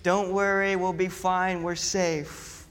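A calm airline captain reassures his passengers in a breezy, light voice, as a male preacher acts him out. The words hang in a long church-hall reverb. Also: sits high, slow, clear, resonant tone. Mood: reassuring.

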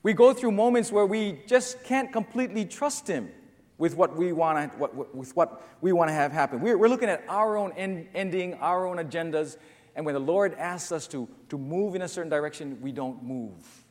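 A man's voice: on the high side, lively intonation, moderate pace, in a large hall. A male pastor preaching a sermon, earnest and storytelling, rising to emphatic peaks.

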